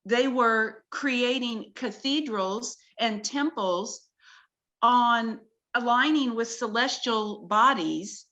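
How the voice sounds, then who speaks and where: A woman's voice: fairly high pitch, slow pace, pushed and bright, muffled recording. A woman, a talk-show guest, earnestly walking through slides of her research in a video-call conversation and explaining each with wonder.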